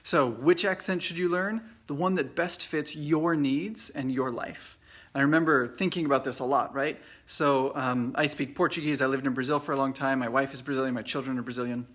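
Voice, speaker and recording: Traveling for a conference, a man in his forties with an American accent teaches an informal English lesson over Facebook Live, speaking casually with plenty of fillers and restarts. His voice is medium-pitched and fairly quick.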